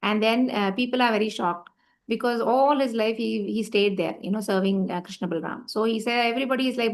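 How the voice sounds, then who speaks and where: A woman's voice: fairly high pitch, brisk. A woman giving a devotional talk, telling a story in a conversational way with frequent fillers and restarts. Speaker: devotional speaker.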